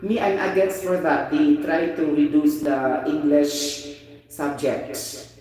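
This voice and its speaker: A Filipino man with a Filipino accent teaching an English vocabulary lesson, animated and often asking "you get the point?". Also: fairly high pitch, slow pace. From Philippines. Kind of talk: informal online vocabulary lesson. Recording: very echoey room, voice distant from the mic.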